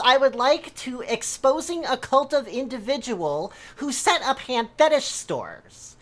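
A woman's voice: fairly high pitch, fairly bright tone, pitched above the performer's own voice. A woman dramatically reading out a forum post in broken grammar, as an indignant poster ranting about scammers. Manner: broken grammar, pompous and outraged.

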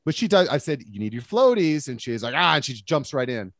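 In studio-quality audio with no room sound, a man in his late thirties guests on a podcast, spinning stories in a laid-back way packed with filler words. His mid-range, fairly bright voice is brisk, with big swings in pitch.

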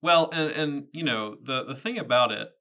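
A man's voice: medium pitch, moderate pace, pushed and bright. A man in his thirties co-hosting a book podcast, chatting in a thoughtful, casual way. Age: 30s. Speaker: podcast co-host. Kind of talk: casual book-discussion chat.

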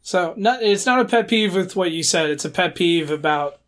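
A man's voice: high voice, expressive, normal speed, a bit bright. A man from the American Midwest chatting on a podcast in an earnest, nitpicky, slightly apologetic way. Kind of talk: casual podcast chat.

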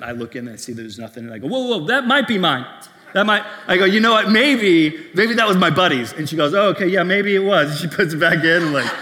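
Male pastor with a bright, forceful voice, telling stories animatedly, heard in a reverberant hall. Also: a little high. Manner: animated storytelling with laughs and voiced asides. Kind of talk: sermon. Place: church hall.

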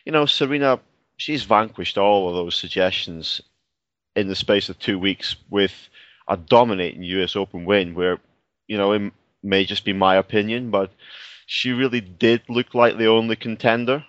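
A man with a Scottish accent talking tennis as a co-host, measured and thoughtful with frequent fillers. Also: fairly low pitch, a bit bright, dry recording, dull audio. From Scotland. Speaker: co-host on the line. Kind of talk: casual sports chat.

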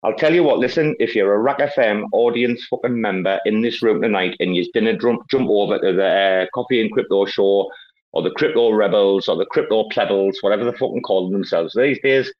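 A man's voice: lowish voice, fairly quick, dull audio. A man hosting a casual online chat, boisterous and rambling, with heavy swearing. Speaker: host.

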